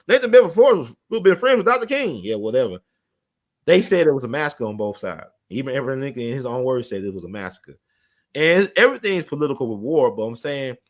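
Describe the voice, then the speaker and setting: A man talks as an interview guest, racing through history and stories. His pitch sits in a middle range, and the words tumble out fast and animated. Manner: rapid, animated storytelling, admits talking fast. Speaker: interview guest, community organizer. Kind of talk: casual conversational interview.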